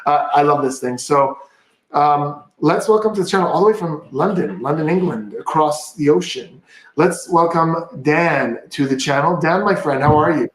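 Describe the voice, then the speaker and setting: A man's voice: on the high side, normal speed, echoey room. A man hosting a casual magic livestream, upbeat and chatty, walking through a card trick step by step.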